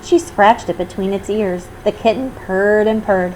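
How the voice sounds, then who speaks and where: A woman reading a children's storybook aloud as host of her channel, in gentle, measured narration. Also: medium pitch, fairly even intonation, a little hiss or hum, poor audio. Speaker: storybook reader.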